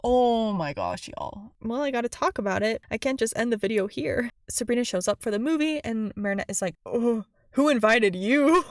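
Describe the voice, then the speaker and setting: A young woman giving casual, animated commentary on a cartoon episode, chatty and full of "like" fillers. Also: on the high side, no echo, studio quality.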